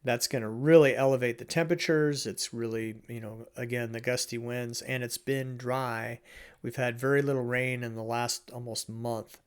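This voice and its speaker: A man's voice: mid-range voice, fairly even intonation, moderate pace, smooth. Chatty male weather forecaster. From Oregon, USA. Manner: chatty and informal, with asides, chuckles and restarts. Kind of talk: casual weather forecast talk.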